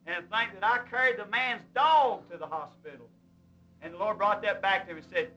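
A man's voice: high-pitched, moderate pace, pushed and bright, lo-fi sound. A man preaching a fervent, folksy sermon in plain vernacular, breaking into hymn singing. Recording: old recording, voice a bit far from the mic, with music. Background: hymn music.

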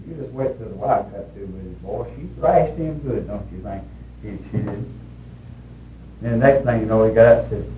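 A man preaching a sermon in a folksy storytelling way, with sudden shouted bursts when he quotes people. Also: mid-range voice, expressive, brisk. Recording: roomy, distant, dull old recording with faint hiss.

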